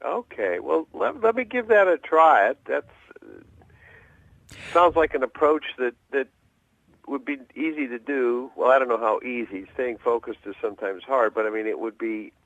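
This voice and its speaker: A man's voice: medium pitch, dry recording. Middle-aged guy calling into a radio show, hesitant and thoughtful, thin tinny phone sound. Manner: hesitant, thoughtful, many fillers and restarts. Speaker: caller. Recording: tinny dry phone line.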